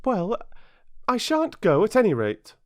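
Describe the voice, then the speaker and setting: A man with a British accent voicing a sharp-witted, stubborn young girl in a high, clipped voice for an audiobook. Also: wildly swooping pitch, a little slow, no room sound, clean studio sound, exaggerated voice. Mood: indignant. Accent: British English. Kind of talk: audiobook character voice.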